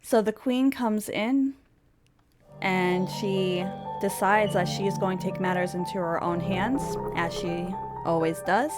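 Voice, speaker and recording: A woman's voice: mid-range voice, a little slow. A woman narrating a game story in a chatty, playful way, with giggly asides. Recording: background music under voice.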